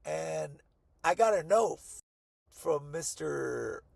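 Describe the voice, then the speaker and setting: A man's voice: on the high side, expressive, takes it slowly, dry recording. A man telling a rambling, profane story to friends on a podcast, often quoting the people in it. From Colorado, US. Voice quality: gravelly, husky. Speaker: podcast co-host. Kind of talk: casual storytelling among friends.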